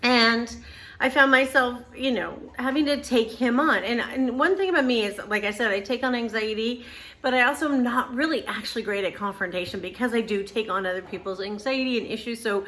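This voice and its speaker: A middle-aged woman with a fairly high, bright voice recounts a personal experience in casual, unscripted talk. She rambles, doubles back on herself and fills pauses with ums. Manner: rambling, with many restarts and fillers. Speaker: channel host.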